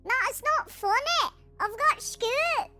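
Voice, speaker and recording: A woman's voice: extremely high pitch, measured pace, sharp tone, faint music behind, heavily acted. A woman imitating a whiny, indignant little Scottish girl.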